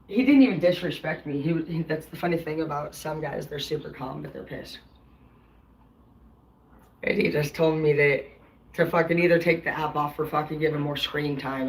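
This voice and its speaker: A woman's voice: low-pitched, rough recording. A woman tarot reader talking casually to her live-stream viewers in a blunt, rambling, heavily profane way.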